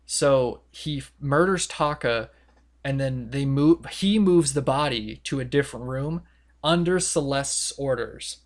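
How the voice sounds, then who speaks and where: Young male podcast co-host, mid-pitched, casual and rambling, acts out quotes. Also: measured pace. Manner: rambling, filler-heavy retelling with quoted voices.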